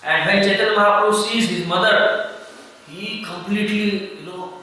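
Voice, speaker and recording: A man's voice: high-pitched, steady tone, moderate pace, sharp tone, faint music behind. A man giving a devotional scripture class in a temple hall, speaking conversationally with frequent fillers and chuckles. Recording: echoey temple hall, mic far off.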